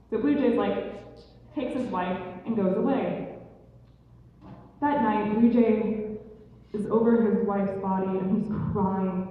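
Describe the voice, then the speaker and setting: A young woman telling a traditional story in a casual, lively way, slipping into the characters' voices with slangy asides. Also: medium pitch, slow pace, long pauses, far from the mic. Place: event hall. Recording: echoey hall recorded from afar, dull.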